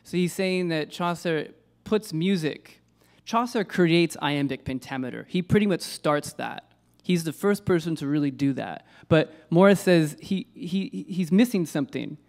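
A man's voice: on the high side, a little slow, darkish tone. A man giving an informal lecture on poetry. He hesitates, corrects himself and uses many fillers.

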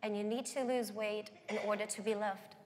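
A woman's voice: medium pitch, fairly even intonation, normal speed, a little mellow. A young woman, a guest singer, telling her life story earnestly in an interview. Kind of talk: interview testimony. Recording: long hall reverb.

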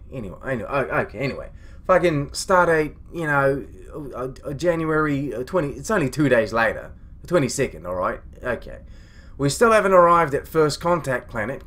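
A man's voice: medium pitch, a bit bright, natural voice. A man playing a grumpy, foul-mouthed starship captain, rambling and ranting with indignation in a comedy monologue. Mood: grumbling. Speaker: comedy web series creator.

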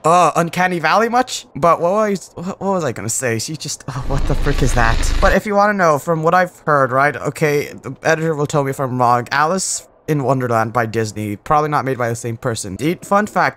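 A gamer giving rambling, excitable let's-play commentary, swinging between loud outbursts and mumbled asides. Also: medium pitch, fairly quick, hardly any pauses. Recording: voice over game music.

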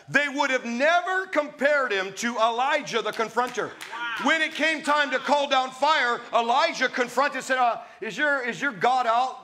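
A man's voice: very high voice, sharp tone. A man preaching a sermon, reading scripture aloud and breaking off into emphatic, conversational asides to his listeners.

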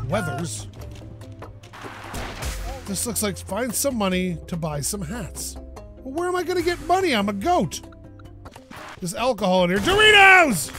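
A man commentating a goat video game as he plays, excitable and jokey, yelping and rambling to himself. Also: sits high. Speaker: gaming YouTuber. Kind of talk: let's play commentary.

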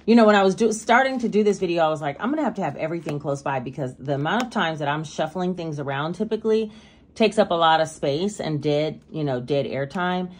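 A woman's voice: low voice, lively intonation, fast talker. A woman making a casual budgeting vlog, chatting with viewers and counting cash aloud as she stuffs binders. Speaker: budgeting vlogger.

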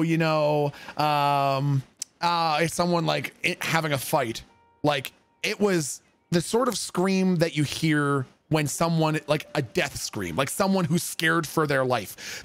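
A streamer telling a creepy story in casual, profane, animated style, spoofing dialogue. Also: male voice, on the high side.

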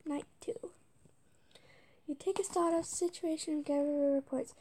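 A woman playing a video game, reading its text aloud haltingly and muttering whispered asides between stumbles. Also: high-pitched, fairly even intonation, dark tone, a little hiss or hum. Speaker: let's-play gamer.

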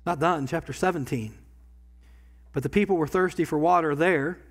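A pastor preaching a sermon in a church, talking conversationally and swinging from quiet asides to loud bursts. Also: male voice, on the high side, moderate pace. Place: church sanctuary.

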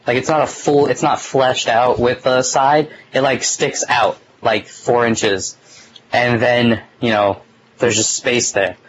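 A man's voice: medium pitch, steady tone, slow pace, slight background noise, rough recording. A young man hosting a casual talk show, telling a long story in a rambling way, full of "like" and some swearing, recorded on a phone. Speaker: podcast host.

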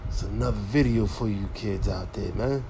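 A man's voice: lowish voice, normal speed, very noisy. A man hosting a boxing channel, goading a fighter with repetitive hype calls in casual trash-talking commentary.

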